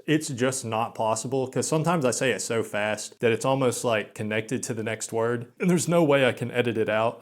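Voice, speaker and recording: A young man talking slowly in a flat monotone, with many filler words and quick stutters, in a self-deprecating vlog monologue. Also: mid-range voice. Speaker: channel host.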